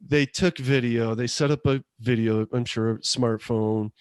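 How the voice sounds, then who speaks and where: A man's voice: medium pitch, steady tone, unhurried, smooth, dry recording, clean studio sound. A man in his fifties co-hosting a podcast, telling stories in a rambling, chuckling casual chat. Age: 50s. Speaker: podcast co-host.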